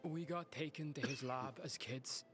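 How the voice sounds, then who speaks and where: A man's voice: medium pitch, normal speed, fairly bright tone, faint music behind, natural voice. An actor playing a worried brother in a game who earnestly pleads for help for his sick sibling. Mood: earnest pleading.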